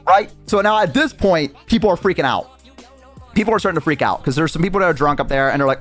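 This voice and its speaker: A man's voice: high-pitched, animated, a little fast, soft background music. Young male streamer rambling through a story. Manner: rambling, lots of fillers and swearing. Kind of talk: casual storytelling.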